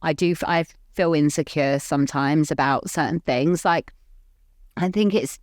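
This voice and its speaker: A woman's voice: low-pitched, moderate pace, a little mellow, no echo, studio quality. A woman co-hosting a podcast, talking openly in a rambling, earnest way full of "like". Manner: rambling, heavy use of "like", open and earnest. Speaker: podcast co-host. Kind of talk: candid casual chat.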